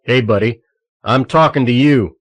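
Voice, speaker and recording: A man voicing a huge, gruff male security guard who talks loudly and confrontationally in an audiobook. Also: fairly low pitch, normal speed, lightly acted. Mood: challenging. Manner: loud and confrontational.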